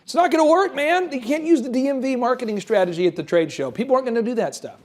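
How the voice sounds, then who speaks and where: High-voiced animated male podcast co-host. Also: fast talker. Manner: animated, acts out mock voices and scenarios. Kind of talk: comedic business advice chat.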